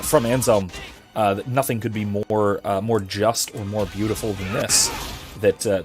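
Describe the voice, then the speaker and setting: A man with a somewhat low voice gives casual gameplay commentary about philosophy while fighting off hiccups. He rambles with fillers and keeps apologizing. Faint game music plays behind him. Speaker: philosophy lecturer and let's-play host.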